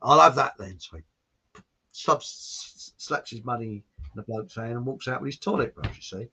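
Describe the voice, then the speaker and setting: A man's voice: mid-range voice, expressive, normal speed, pushed and bright, husky. A man from southern England in rambling casual chat, telling long jokes and laughing at them. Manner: chatty, tells long jokes, laughs at own jokes. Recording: dull lo-fi sound.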